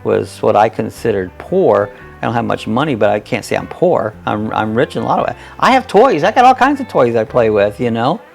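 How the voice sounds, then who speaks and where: Gravelly older man chatting folksily. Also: medium pitch, very animated, fairly quick, hardly any pauses, faint music behind. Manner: folksy and rambling, chuckles often, reads comments aloud. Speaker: host of a live chat stream. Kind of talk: casual chat reading viewer comments.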